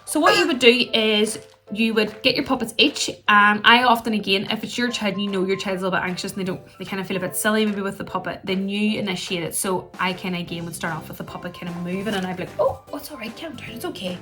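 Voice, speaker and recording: A woman's voice: medium pitch, fairly even intonation, fast talker, soft background music. A woman, a play therapist explaining puppet play in a chatty, instructional way. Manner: chatty, acts out gentle puppet voices. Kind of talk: instructional talk to camera.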